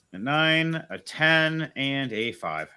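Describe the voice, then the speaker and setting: A man's voice: mid-range voice, bright, forceful tone. A man running a tabletop role-playing game as game master, chatty and explaining the rules as he goes.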